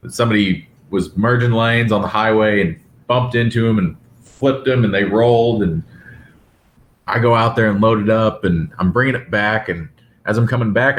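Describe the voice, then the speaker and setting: A man with a low voice talks as a podcast guest. He tells his story in a relaxed, plain-spoken way, with a faint hiss behind him. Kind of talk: casual conversation.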